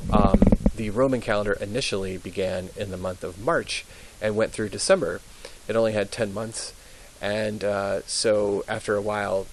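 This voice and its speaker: A fairly low-voiced young man runs a classroom pronunciation lesson. He repeats each word slowly and patiently, filling pauses with ums. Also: noisy background. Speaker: Latin teacher. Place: high school classroom.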